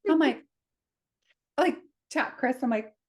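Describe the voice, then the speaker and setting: A woman co-hosting a podcast, telling a personal story in casual chat, animated and laughing often as she acts out what people said. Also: sits high, normal speed, husky. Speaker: podcast co-host.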